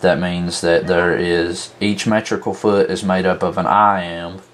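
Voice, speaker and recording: Slow, low-voiced man teaching. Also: level tone. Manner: slow, methodical, counting out examples. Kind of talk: explaining at a whiteboard.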